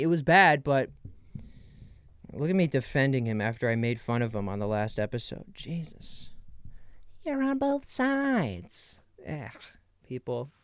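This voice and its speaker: A man's voice: medium pitch, clean tone, dry recording, studio quality. A young man hosting a podcast solo, rambling playfully in a casual comedic monologue. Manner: rambling, playful, jumps between bits. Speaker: podcast host.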